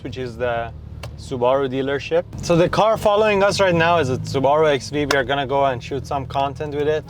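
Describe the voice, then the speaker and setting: A young man talking casually to his camera from inside a car, chatty and mock-complaining about his challenge. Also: on the high side. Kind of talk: casual vlog narration. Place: inside a parked car in a city.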